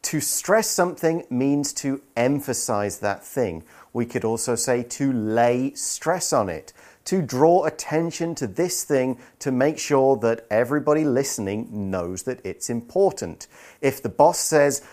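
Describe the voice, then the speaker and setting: A man co-hosting an English lesson, explaining words clearly with dry, self-deprecating humour. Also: mid-range voice, animated, unhurried, darkish tone. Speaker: co-host of an English lesson podcast. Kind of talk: explaining vocabulary for learners.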